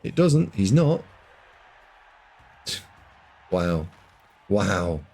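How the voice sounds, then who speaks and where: A man casting a video game match, excitable, jumping from loud shouts to muttered asides. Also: sits low, extremely slow, gravelly, husky. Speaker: game caster.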